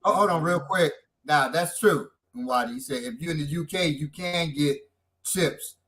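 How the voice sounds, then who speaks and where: A middle-aged man with a Chicago accent, a podcast host telling stories in animated casual chat. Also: moderate pace. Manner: animated storyteller, lively swings in pitch and loudness.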